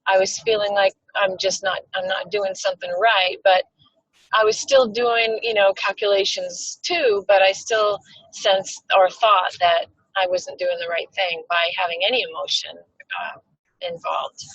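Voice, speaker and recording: Slow, hesitant woman student. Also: mid-range voice, lively intonation, a bit bright, no echo, rough recording. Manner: hesitant, reflective. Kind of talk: class question.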